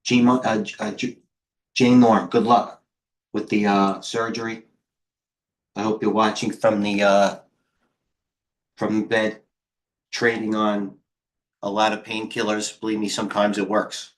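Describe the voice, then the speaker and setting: A man's voice: fairly low pitch, level tone, measured pace, pauses often. A middle-aged man hosting a live trading stream, talking casually and rambling with jokes and muttered asides. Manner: rambling, joking, self-deprecating, mutters to himself. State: out of breath.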